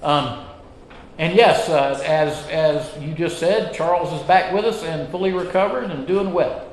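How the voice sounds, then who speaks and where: A man's voice: a little high, measured pace, a little hiss or hum. A man teaching a Sunday school class, chatty and self-deprecating, opening with jokes. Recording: echoey hall with reverb.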